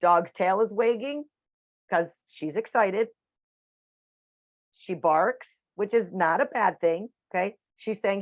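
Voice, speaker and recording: A woman's voice: mid-range voice, slow, pauses often, dry recording. A woman teaching a dog training class over a video call, chatty and matter-of-fact. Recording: dull dry video call audio.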